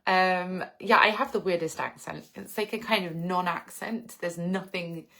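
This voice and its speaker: A woman's voice: on the low side, steady tone, measured pace, fairly bright tone. A woman in her late thirties from England, chatting reflectively on a live stream and answering viewers' comments. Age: 30s. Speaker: vlogger reading live chat. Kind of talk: casual live-stream chat. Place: home in the English countryside.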